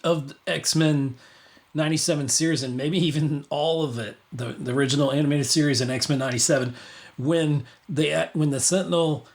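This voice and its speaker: A man's voice: fairly high pitch, fairly even intonation, normal speed. A man hosting a casual livestream podcast, rambling with many restarts and fillers. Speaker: podcast host.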